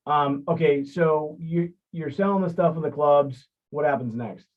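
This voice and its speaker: A man hosting a podcast interview in a casual, halting way, often restarting his phrases. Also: a little high. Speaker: podcast host. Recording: dull lo-fi audio.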